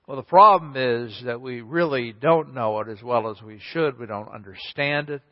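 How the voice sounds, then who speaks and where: A male pastor with a mid-range voice preaches a sermon at a normal speed, telling a story and repeating key points to drive them home. The recording sounds echoey, like a hall, and slightly dull.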